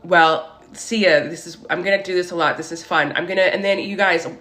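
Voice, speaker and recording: A woman in her forties hosting a casual spiritual live stream. She chats excitedly, tells stories and greets viewers as she goes. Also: on the low side, brisk. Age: 40s. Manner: chatty, greets and thanks viewers as she talks.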